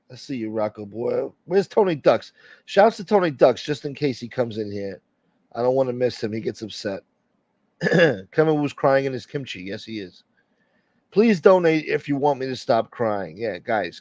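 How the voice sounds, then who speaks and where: Live-stream host, a man, mid-pitched, swearing, joking, on a dull dry recording. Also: a little mellow, dry recording. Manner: profane, joking, reading out viewer names. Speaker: livestream host. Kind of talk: casual live-stream chat.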